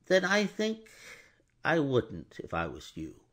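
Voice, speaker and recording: A fussy, mild older bank clerk, as a male narrator puts him on in an audiobook, hesitant and precise as he answers. The husky voice is pushed up high and moves widely in pitch. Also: huge pitch swings, takes it slowly, fairly bright tone, full character voice. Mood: earnest.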